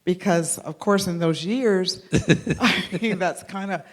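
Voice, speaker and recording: A man in the audience asking an earnest, halting question of the actor. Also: high voice.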